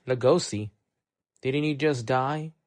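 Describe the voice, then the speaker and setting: A man's voice: mid-range voice, slow pace, a little mellow, lightly acted. A man voicing a wry hard-boiled private eye. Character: hard-boiled male 1950s private eye, world-weary.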